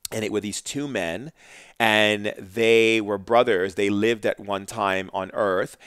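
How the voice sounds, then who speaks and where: A man telling a spiritual story as a podcast guest, intense and animated, dropping his voice soft for quotes. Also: fairly low pitch, takes it slowly, smooth, dry recording, studio quality. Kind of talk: storytelling in conversation.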